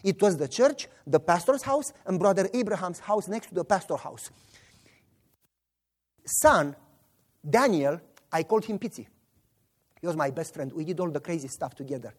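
In his sermon, a Romanian-accented man brings stories to life by doing the voices of the people involved. He talks at a normal speed in a high-sitting voice and pauses often.

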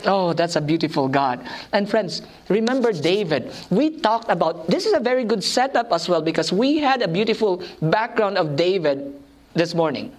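A woman preaching a sermon, telling personal stories in an animated, self-mocking way and laughing often. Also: on the low side, normal speed.

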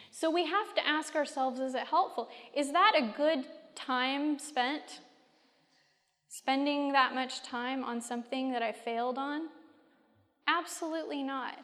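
A woman's voice: sits high, fairly bright tone, in a large hall. A woman giving a faith-based teaching talk, conversational and full of rhetorical questions aimed at her listeners.

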